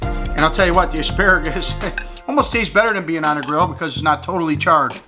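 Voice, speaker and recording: An enthusiastic man hosts a casual cooking review vlog with a chatty, upbeat delivery. He sometimes talks through a mouthful of food. Music plays clearly in the background. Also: on the high side, brisk. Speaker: cooking channel host.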